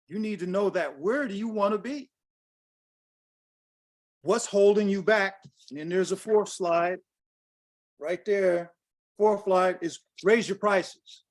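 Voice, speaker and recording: An older man giving a blunt, direct workshop talk over a video call, questioning his audience. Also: high voice. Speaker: guest speaker on pricing.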